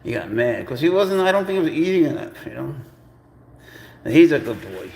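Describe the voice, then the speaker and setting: A man's voice: a little high, big pitch swings, fairly quick, vocal fry, darkish tone, slight background noise. A man hosting a casual live stream, talking playfully and coaxingly to his pet cat and calling it bro. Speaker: pet owner and channel host.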